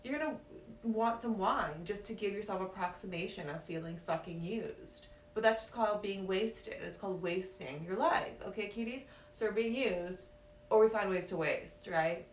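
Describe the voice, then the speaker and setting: A woman's voice: mid-range voice, moderate pace, slight background noise. Brash, profane woman life coach. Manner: brash, profane, playful, calls listeners cuties. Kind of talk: live-streamed motivational talk. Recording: roomy, a little off-mic, faint ambience.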